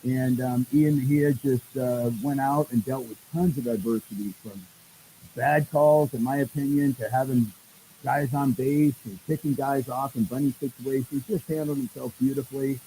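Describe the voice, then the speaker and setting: A man, a head baseball coach guest on a podcast, telling stories in a lively way and acting out what people said. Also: medium pitch, moderate pace, slight background noise, poor audio. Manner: animated storyteller, acts out quoted dialogue. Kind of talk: casual podcast storytelling.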